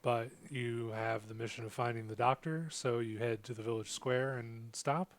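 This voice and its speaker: A man narrating a tabletop role-playing game as game master, halting with many ums and uhs. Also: medium pitch, fairly even intonation.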